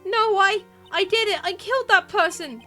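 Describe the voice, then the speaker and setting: A distraught young woman in a video game, voiced by a woman streamer, pleading and anguished as she blames herself. The voice rides high and bright. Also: moderate pace, faint music behind.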